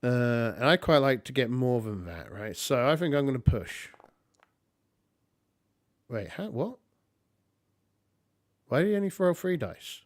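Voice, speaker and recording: A man playing a tabletop game solo and thinking aloud, halting and muttering as he counts points. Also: mid-range voice, sing-song, no room sound. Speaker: solo tabletop player and narrator.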